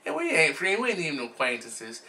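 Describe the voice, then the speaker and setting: Self-recorded at home through a camera mic, this male vlogger dishes blunt, sassy, flamboyant gossip while recapping a reality show. His fairly high voice swings hugely in pitch, moves fairly quickly and has a sharp edge.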